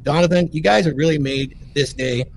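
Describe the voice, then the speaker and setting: Gravelly, heartfelt man. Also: fairly high pitch, fairly quick, a little hiss or hum, rough recording. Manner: heartfelt, thanking people. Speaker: podcast guest. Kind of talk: casual chat.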